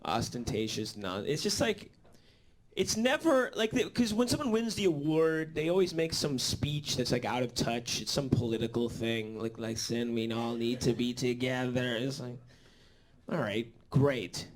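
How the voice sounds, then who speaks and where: A man's voice: on the high side, big pitch swings, a little slow. A man performing a live stand-up set in a comedy club, rambling with lots of fillers and swearing.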